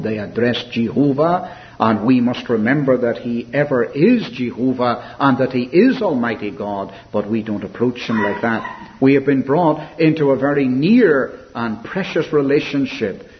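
A man preaching a sermon in an earnest, reflective way, softening and slowing when he quotes scripture. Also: medium pitch, expressive. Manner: earnest, reflective preaching with soft, slowed quotations. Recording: dull lo-fi recording with faint hiss.

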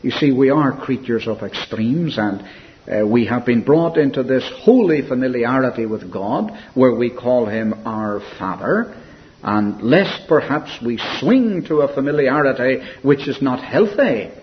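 Animated male preacher, lo-fi recording. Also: mid-range voice. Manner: earnest, reflective preaching with soft, slowed quotations. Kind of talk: sermon. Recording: dull lo-fi recording with faint hiss.

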